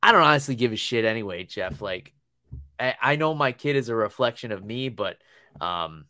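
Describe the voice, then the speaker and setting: A man's voice: medium pitch, animated, normal speed, bright, forceful tone, no echo, studio quality. A man in his thirties chatting casually on a podcast, telling long rambling stories and laughing often. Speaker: podcast co-host. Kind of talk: casual chat.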